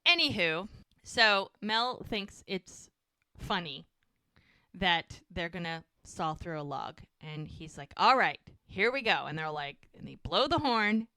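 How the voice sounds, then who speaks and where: A woman's voice: fairly low pitch, pushed and bright, clear, resonant tone, no echo. A woman podcast co-host chattily recapping a TV episode, full of "like" and "he's like". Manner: chatty storytelling, frequent "like" and "he's like".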